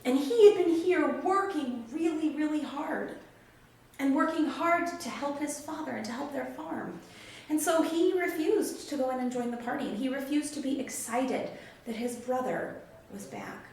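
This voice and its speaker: Woman teaching children a Bible lesson, high voice, animated storyteller, very echoey room with faint noise. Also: normal speed, recorded from a distance. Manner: animated, acts out characters' quotes.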